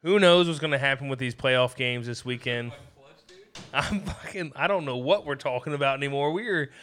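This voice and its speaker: A man's voice: mid-range voice, moderate pace, fairly bright tone. A man co-hosting a podcast in casual chat, rambling through wild hypotheticals with lots of swearing. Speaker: podcast co-host.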